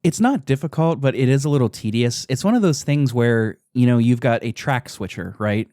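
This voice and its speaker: A man's voice: mid-range voice, animated, moderate pace, dark tone, no room sound, clean studio sound. A man hosting a podcast, enthusiastically recapping a video game in casual, profane chat, often laughing. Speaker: podcast host.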